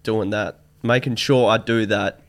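A young man with a fairly low voice, a guest on a podcast in relaxed casual chat. He talks in an easygoing way, often with short agreeing replies. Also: a little slow. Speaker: guest, personal trainer.

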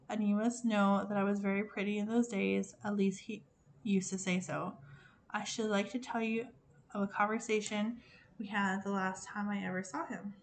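Casting: a vain, endlessly chattering old fairy princess, put on by a woman reading, voiced a touch higher and brighter, breathless with talk. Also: a little hiss or hum, natural voice.

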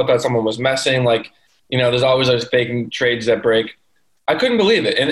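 A man's voice: mid-range voice, low-quality recording. A man co-hosting a casual sports podcast, talking eagerly through the details with fillers. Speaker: podcast co-host.

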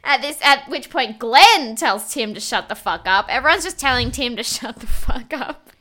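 A young woman co-hosts a casual recap chat. She laughs often and acts out what others said in quick little voices. Her voice is bright and forceful and sits a little high. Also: expressive. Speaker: podcast co-host.

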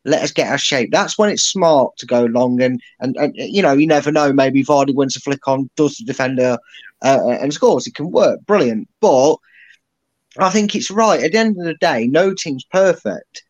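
A man co-hosting a football podcast, joking and giving animated opinions. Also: mid-range voice, normal speed, highs cut off. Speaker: podcast co-host. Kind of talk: casual football chat.

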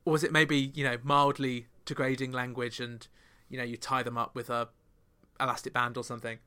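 A man's voice: mid-range voice, fairly even intonation, moderate pace, pushed and bright, clean tone. A man hosting a podcast chart countdown, chatting through the songs with wry, joking asides. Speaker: podcast host.

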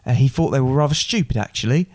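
A man co-hosting and reading his own fairy tale in a relaxed, loose, slightly halting way. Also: mid-range voice, no echo, clean studio sound. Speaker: co-host and storyteller. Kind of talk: casual chat and reading his own story.

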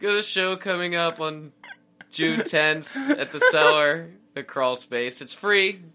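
A man's voice: on the high side, slow, bright, forceful tone, clear, resonant tone. A young man co-hosting a podcast, arguing in exasperated, swearing rants with bursts of laughter. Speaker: podcast co-host. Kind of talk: casual banter.

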